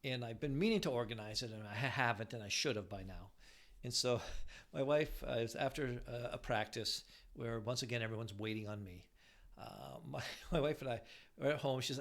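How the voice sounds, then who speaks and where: A man's voice: mid-range voice, animated, a little fast. An older man, married for decades, giving casual relationship advice, rambling with frequent restarts.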